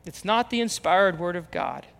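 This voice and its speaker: A man's voice: sits high, expressive, normal speed, creaky, fairly bright tone. A man preaching a sermon as pastor, emphatic, repeating phrases and acting out the voices he quotes. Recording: reverberant hall, long echo.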